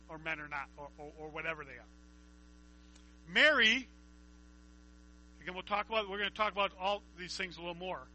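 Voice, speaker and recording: A man's voice: high voice, bright, forceful tone, low-quality recording. A man preaching a conversational Bible teaching, reading scripture aloud and asking his listeners questions.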